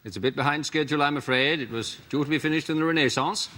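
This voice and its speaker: A man's voice: a little high, fast. A man on a comedy panel show improvising wry mock commentary over news footage. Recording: loud noise behind.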